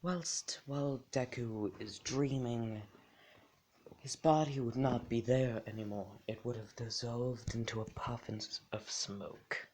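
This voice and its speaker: Guy telling a made-up story super slow, half whispering, keeps correcting himself. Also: mid-range voice, fairly even intonation, a little mellow, slight background noise. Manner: rambling, self-correcting, often half-whispered. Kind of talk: improvised fan story narration.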